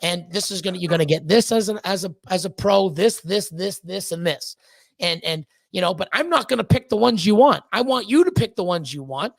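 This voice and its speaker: Man, gravelly fry, dry close sound, blunt, swears a lot, stumbles over repeated words. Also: high-pitched, lively intonation, brisk, no echo. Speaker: podcast guest, snake breeder. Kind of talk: candid ranting conversation.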